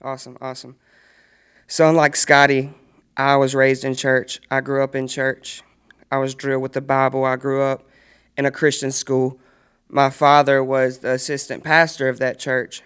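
A man's voice: medium pitch, completely flat delivery, normal speed, fairly bright tone, clean tone. A young man telling his personal faith testimony earnestly in a casual chat, often laughing as he speaks. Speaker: guest sharing testimony.

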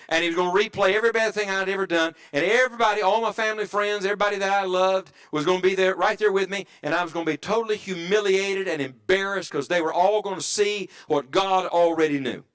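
A middle-aged man preaching a sermon in church, dropping to an earnest hush and rising to emphatic calls, often asking the congregation questions. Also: sits high, clear, resonant tone. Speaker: evangelist preacher.

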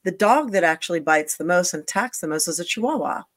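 A woman's voice: fairly low pitch, lively intonation, fast talker, a crowd in the background. A woman hosting a talk show, chatting casually with many fillers and restarts. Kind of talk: casual chat.

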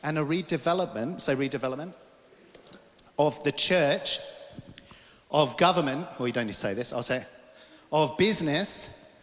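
A male preacher giving an animated sermon to a congregation and getting them to repeat words back. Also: on the high side, moderate pace, long pauses, big-room sound. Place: church hall.

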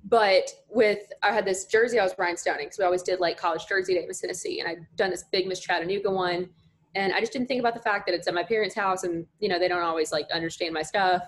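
A young woman chatting casually as a podcast guest, full of "like" fillers and animated storytelling. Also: lowish voice, quick pace. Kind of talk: casual chat.

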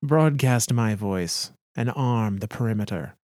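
A man's voice: on the low side, unhurried, darkish tone, dry recording, clean studio sound, natural voice. A man voicing a pompous, commanding old male scientist with curt orders.

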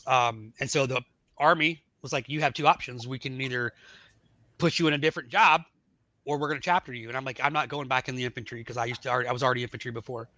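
A middle-aged man telling his life story in a casual podcast chat, acting out the dialogue of the people in it with animated voices. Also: mid-range voice, fast, dry recording. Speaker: podcast guest.

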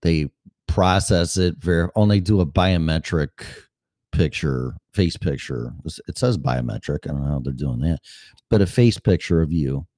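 A man's voice: very deep voice, animated, normal speed, darkish tone, no echo, clean studio sound. A man in his fifties hosting a show, talking in a rambling, profane, blunt way. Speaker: podcast host. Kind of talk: casual monologue.

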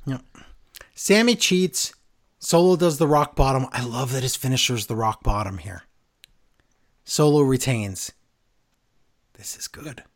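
Male co-host, mid pitch, very lively delivery, sarcastic recap banter. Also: unhurried, pauses often. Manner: animated, sarcastic play-by-play. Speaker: wrestling podcast co-host. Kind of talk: casual recap chat.

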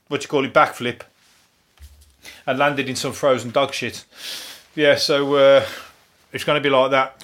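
A man's voice: mid-range voice, fairly bright tone. A man with a Birmingham accent hosting a solo podcast, rambling casually with swearing, self-mocking jokes and restarts. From England. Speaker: podcast host.

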